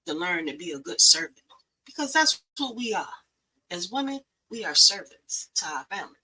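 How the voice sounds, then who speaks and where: A woman's voice: medium pitch, bright, forceful tone, poor audio. A middle-aged woman, hosting a talk show and giving blunt, profane, emphatic advice. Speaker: podcast host. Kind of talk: preachy motivational talk.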